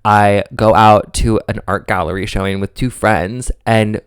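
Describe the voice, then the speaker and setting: A young man co-hosting a podcast, telling a long story in a campy, animated way and often acting out quoted voices. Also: on the low side, a little slow, smooth, dry recording, clean studio sound. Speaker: podcast co-host. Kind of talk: casual chat, storytelling.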